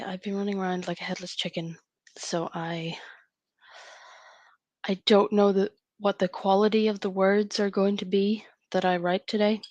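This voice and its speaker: A woman's voice: mid-range voice, flat delivery, moderate pace, a little mellow, dry recording. A woman, hosting a live writing stream and chatting casually as she thinks aloud. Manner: chatty and rambling, thinking aloud between tasks.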